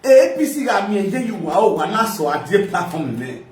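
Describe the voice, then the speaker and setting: Nigerian man, high and brash, ranting on a live video in a boomy room. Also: sing-song, normal speed, far from the mic. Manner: loud, sing-song, switching between languages and pidgin. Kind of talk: animated political rant. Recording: echoey room.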